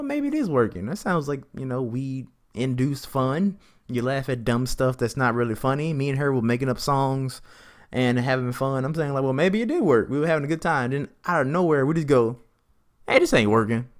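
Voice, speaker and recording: A young man hosting a podcast, telling a rambling, chatty story and acting out both sides of the conversations in a raised voice. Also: medium pitch. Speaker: podcast host. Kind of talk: casual storytelling.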